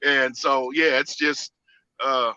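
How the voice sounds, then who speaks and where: Bright-voiced Southern man telling stories. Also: mid-range voice, slow, clear, resonant tone, dry recording, dull audio. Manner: animated, laughing storyteller with many restarts. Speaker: singer and producer, interview guest. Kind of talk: casual interview storytelling.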